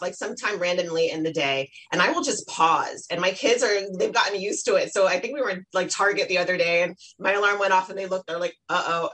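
A woman with a slightly low voice talks as a guest on parenting. She is lively, jumps up in pitch when she quotes herself, and explains things plainly and conversationally. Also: slightly rough, low-quality recording. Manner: lively, warm, plugs her online academy, acts out quotes. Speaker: guest expert on children's self-esteem. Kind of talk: casual interview talk.

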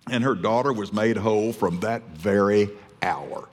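A man's voice: lowish voice, measured pace, hardly any pauses. A man preaching a fervent, emphatic sermon, often restarting his phrases. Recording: long hall reverb.

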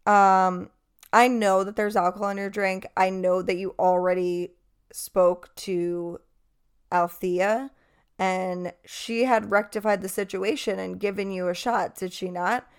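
A woman voicing a calm male bar manager who talks in a patient, patronizing way. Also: mid-range voice, measured pace, clean tone, natural voice.

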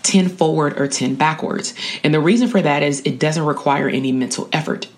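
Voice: mid-range voice, fairly quick. An educator giving a casual spoken lesson on coping skills, talking in a slangy, conversational way and often checking in with the listener. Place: at a college.

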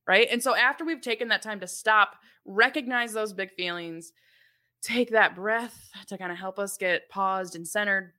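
A woman's voice: medium pitch, moderate pace, bright, forceful tone. A young adult woman co-hosting a parenting podcast, explaining things in a chatty, casual way with frequent laughs and fillers. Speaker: podcast co-host.

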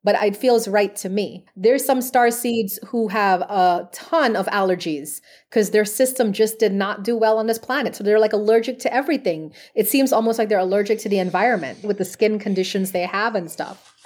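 A woman talks as a guest on a podcast, her voice sitting at an ordinary middle pitch. She tells her stories in an earnest, chatty way, sprinkling in casual fillers as she goes. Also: moderate pace, a little mellow. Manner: earnest storytelling with frequent "like" fillers. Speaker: podcast guest, medium and past life regression therapist. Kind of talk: conversational interview answers.

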